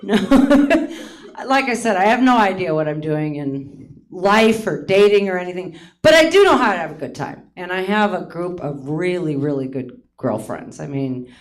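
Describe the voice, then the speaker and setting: A woman's voice: fairly low pitch, animated, normal speed. A woman in her late fifties from Hawaii, performing a self-mocking stand-up comedy set on a theater stage, often laughing at her own lines. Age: 50s.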